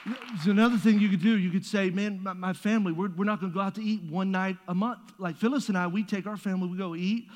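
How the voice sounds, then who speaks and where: A man's voice: high-pitched, steady tone, quick pace, hardly any pauses. A man preaching a sermon as pastor, conversational and joking, with playful asides to the congregation. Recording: long reverb of a large hall.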